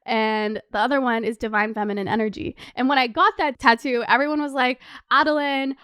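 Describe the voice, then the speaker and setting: A young woman in her twenties chatting excitedly to camera as a vlogger, swearing freely. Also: a little high, a little fast, clean tone, dry recording, clean studio sound. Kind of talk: casual chat to camera.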